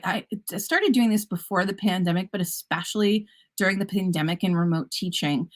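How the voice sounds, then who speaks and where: A woman teacher giving an upbeat, chatty conference presentation about classroom practice, with playful puns. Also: fairly low pitch.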